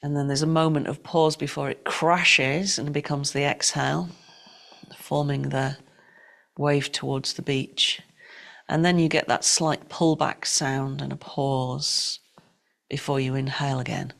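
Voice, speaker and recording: A middle-aged woman teaching yoga and breathwork, giving calm, unhurried, gently directive cues for breathing and movement. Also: low voice, vocal fry. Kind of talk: guided breathwork and yoga instruction.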